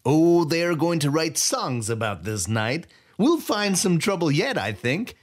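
A man voicing a skinny, grinning male thief who is sly and gleeful, in a high, drawn-out, cackling delivery for an audiobook. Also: big pitch swings. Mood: boisterous. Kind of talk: audiobook character voice.

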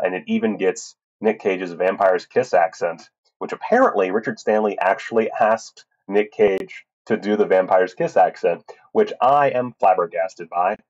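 A man hosting a casual solo film podcast, rambling with many fillers and restarts and swearing freely. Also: deep voice. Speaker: podcast host reviewing films. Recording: tinny wrong-mic recording.

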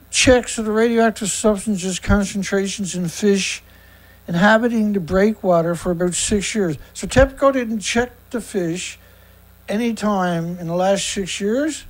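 Over poor audio, a sarcastic host reads out news snippets and reacts indignantly to every one. The voice sits at a middle pitch, and the delivery is full of tripped-over words, repetitions and restarted sentences.

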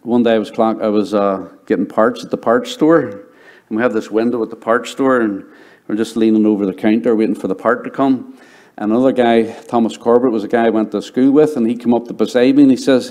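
A middle-aged male pastor preaching a sermon and telling his conversion story, dropping to a hushed voice when he quotes people. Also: medium pitch, quick pace. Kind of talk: sermon with personal testimony.

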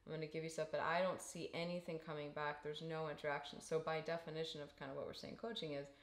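A woman co-hosting a podcast, thinking aloud about coaching in casual chat with quick restarts. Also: deep voice, level tone, roomy sound. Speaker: podcast co-host.

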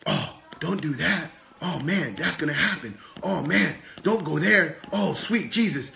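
A man's voice: fairly high pitch, expressive, normal speed, sharp tone, a little hiss or hum. A man voicing a fearful, hot-headed male monkey puppet with whiny, anxious exclamations. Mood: scared.

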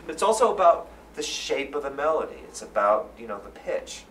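A man giving a live lecture at a conference, energetic and repeating phrases for emphasis. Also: fairly high pitch, brisk. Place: conference hall. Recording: roomy, from far off, faint room noise.

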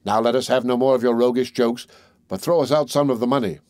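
Sly, jumpy thieves plotting in hushed tones, as a male narrator puts them on, only a little lifted from his normal voice. The sound is close and dry, with no room around it. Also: medium pitch, fairly even intonation, fast talker, no echo, lightly acted. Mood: furtive. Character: two scheming adult male thieves.

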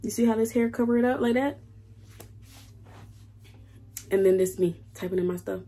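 A woman's voice: fairly high pitch, quick pace, warm tone, slightly rough. A young woman, ranting bluntly in a casual vlog and swearing freely. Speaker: vlogger. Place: indoors at work.

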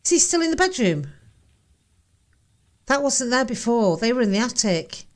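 Jumpy high-voiced woman reacting. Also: very animated, normal speed. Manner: jumpy, swearing, exclaiming. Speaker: reaction video host. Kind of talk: reacting to a ghost-hunting video.

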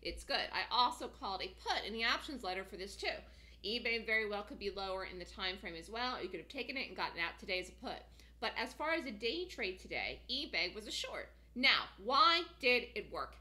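Excited, lively woman teaching trading. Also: a little high. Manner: excited, emphatic, repeats herself. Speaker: trading instructor. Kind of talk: screen-share trading lesson.

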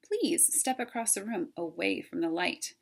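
A woman voicing a stern, formal old male owl in a storybook read-aloud, speaking in a measured, formal way. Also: medium pitch, gravelly, breathy edge, heavily acted.

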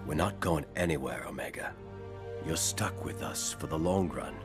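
A deep, stern clone sergeant. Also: male voice, normal speed, faint music behind. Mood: reassuring. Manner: terse, steady, protective. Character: stern male clone sergeant, protective leader.

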